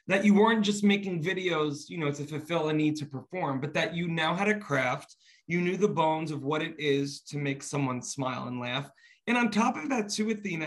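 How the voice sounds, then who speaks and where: Host: man, slightly high voice, effusive and complimentary, long rambling questions. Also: fairly bright tone. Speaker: interview host. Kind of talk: interview hosting.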